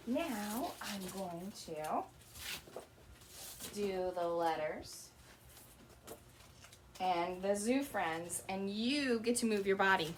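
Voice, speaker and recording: A young woman teaching preschoolers letter sounds in a slow, sing-song circle-time lesson. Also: fairly high pitch, lively intonation, a little hiss or hum.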